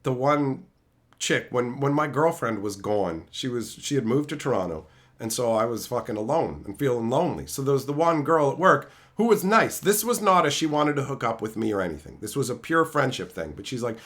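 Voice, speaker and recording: Brash, animated male streamer. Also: medium pitch, fairly quick. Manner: profane, brash, animated storytelling. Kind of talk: casual stream chat, storytelling.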